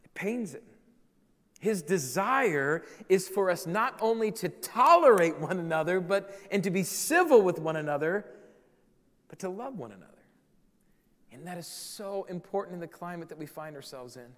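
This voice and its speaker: Pastor, male, high voice, earnest sermon delivery that repeats key lines; reverberant room. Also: very animated, normal speed, fairly bright tone.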